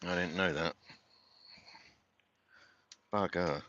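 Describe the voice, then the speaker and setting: A livestream host from London, with a London accent, rambles casually to his chat viewers while doing chores, asking them questions along the way. His low voice is very slow, pushed and bright, with fairly even intonation, no echo, and a muffled recording.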